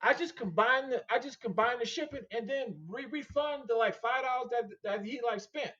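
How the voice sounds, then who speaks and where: On a relaxed podcast interview, a man who owns a machine shop speaks at a normal pace in a very high-pitched voice, and the sound is lo-fi. His delivery is animated and emphatic, circling back to the same points in a preachy, sermon-like way.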